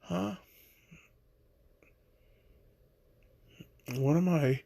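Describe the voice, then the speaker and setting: A man's voice: on the high side, unhurried, vocal fry, mellow, no room sound, pitched above the performer's own voice. A man doing a flustered, stammering young man. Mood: puzzled. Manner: stammering panic. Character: awkward young man with dragon instincts, flustered.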